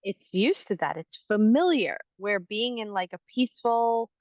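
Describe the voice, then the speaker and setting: A woman coach explaining healing concepts in an interview, calm and teacherly. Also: medium pitch, a little slow, no echo, muffled recording. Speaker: inner-child healing coach.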